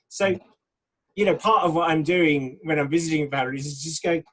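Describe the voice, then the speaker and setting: A man, a pastor, talking frankly and thoughtfully in a casual discussion, getting animated when he quotes people. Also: on the high side, fairly quick, rough recording.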